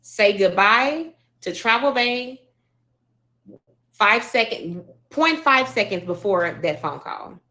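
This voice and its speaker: A woman's voice: a little high, lively intonation, slow, sharp tone. A woman from Arkansas telling a heartfelt personal story in an earnest, emotional way, with frequent fillers and restarts. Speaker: speaker sharing a personal story.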